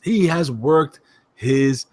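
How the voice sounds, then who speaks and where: A man hosting a wrestling podcast in casual chat, excitable and emphatic, joking as he talks. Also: a little high, drawn-out words, dry recording. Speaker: podcast host.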